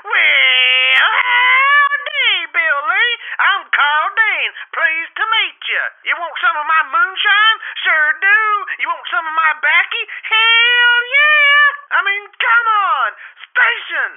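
A man's voice: sits high, sing-song, normal speed, slightly rough, phone-quality sound, exaggerated voice. A man voicing a folksy male candidate for governor in a mock campaign ad, earnest with broad hick impressions. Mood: hillbilly mockery.

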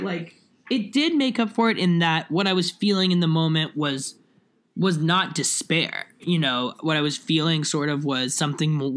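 Rambling, animated woman in casual talk. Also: sits low. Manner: rambling, with many fillers and restarts. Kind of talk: casual chat.

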